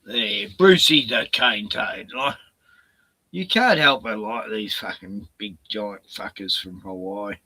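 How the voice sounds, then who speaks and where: A man's voice: lowish voice, takes it slowly, bright, forceful tone, breathy edge, dry recording. A man with an Australian accent, chatting on a live stream in a laid-back, rambling way, swearing and chuckling often. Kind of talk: casual rambling chat.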